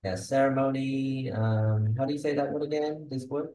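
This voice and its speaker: A man's voice: mid-range voice, steady tone, moderate pace, dark tone, a little hiss or hum. A man tutoring a student one-on-one on English speaking, giving pronunciation feedback and checking in often with "yeah?" and "okay?". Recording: echoey room.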